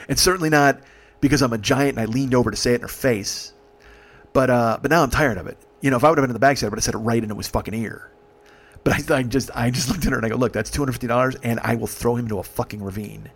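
A man's voice: mid-range voice, a bit bright. A man telling a comic story in an exasperated, heavily profane way. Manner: exasperated, heavy swearing. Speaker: comedic storyteller.

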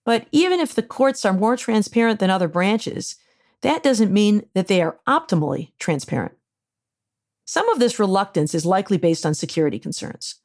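A woman's voice: mid-range voice, sing-song, normal speed, a little mellow. Woman reading her opinion column aloud. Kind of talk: read-aloud opinion essay.

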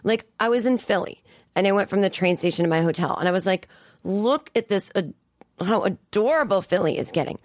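A woman in her forties talks into a studio mic in a loose, exasperated monologue, swearing freely and pushing her voice up when she gets worked up. Her pitch sits in a middling range, and the sound is dry and close with no room echo. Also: animated, fairly quick. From Boston area. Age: 40s. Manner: profane, exasperated rant with frequent emphatic rises. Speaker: comedian podcast host. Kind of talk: casual monologue.

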